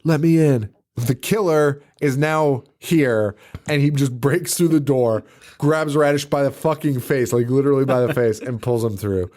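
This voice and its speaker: A man's voice: medium pitch, moderate pace, a little mellow. A man co-hosting a podcast, casually recapping a horror film with lots of swearing and laughter. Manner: profane, laughing, acts out scenes in silly voices. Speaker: podcast co-host. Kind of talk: casual movie recap chat.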